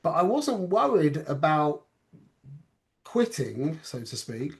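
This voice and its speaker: Man, fairly high voice, religious teacher, informal class talk, conversational, checks in with listeners, Hebrew and Yiddish terms. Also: big pitch swings, takes it slowly, gravelly, a little mellow. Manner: conversational, keeps checking with "yeah?".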